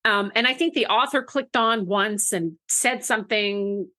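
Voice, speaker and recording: A woman telling an anecdote in casual podcast talk, chatty and animated, often laughing between phrases. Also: mid-range voice, measured pace. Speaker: book marketing guest.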